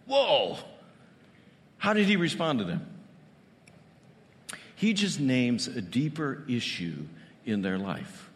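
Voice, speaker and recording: A man's voice: medium pitch, sing-song, slow, long pauses, a bit bright, in a large hall. A male pastor giving a conversational sermon, full of rhetorical questions.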